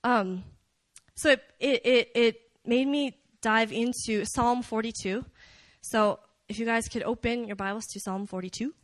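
A young woman giving a casual, story-driven talk at a church prayer meeting, chatty and animated, with many fillers. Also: fairly high pitch, unhurried, no room sound. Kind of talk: conversational sermon.

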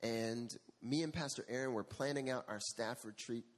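A male pastor delivering a sermon with animated storytelling and a husky voice, rising in volume for emphasis. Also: medium pitch, normal speed.

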